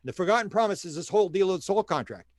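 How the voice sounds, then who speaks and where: An older man tells stories as an interview guest, with a slightly raised voice and a rapid, tumbling delivery. He acts out the voices of the people in his stories and repeats words as he hunts for the next thought. The sound is close and dry, with no room echo. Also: high-pitched. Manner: animated storyteller who acts out quoted dialogue; repeats words while searching for them. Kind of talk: storytelling in a casual interview.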